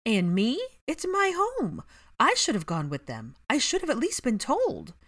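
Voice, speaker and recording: A woman voicing a sharp-tongued young witch who speaks indignantly. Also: on the high side, huge pitch swings, a little slow, pitched above the performer's own voice, full character voice.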